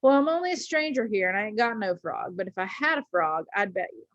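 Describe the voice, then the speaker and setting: A woman reading as a slow, doubtful stranger. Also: high voice, very animated, slightly rough, highs cut off, pitched above the performer's own voice, heavily acted. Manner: slow, deliberate folksy dialect. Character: deliberate doubtful stranger man at mining camp.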